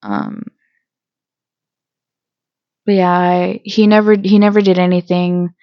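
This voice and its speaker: A woman hosting her own channel, telling a personal story in a hesitant vlog style with many pauses and restarts. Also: on the low side, little pitch movement, no echo, lo-fi sound. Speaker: channel host.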